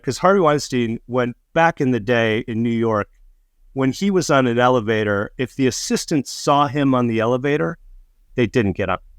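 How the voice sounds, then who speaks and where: A man's voice: medium pitch, smooth, no room sound, clean studio sound. Middle-aged man telling swearing-laced stories. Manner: animated anecdotes, swears freely, acts out quotes. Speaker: podcast co-host. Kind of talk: casual storytelling chat.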